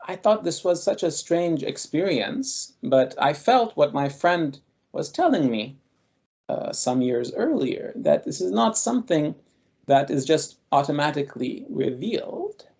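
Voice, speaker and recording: Gravelly mellow guy, guest scholar telling stories from his life slow and thoughtful. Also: on the high side, sing-song. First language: Armenian. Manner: thoughtful, measured, with frequent pauses. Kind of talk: reflective personal storytelling.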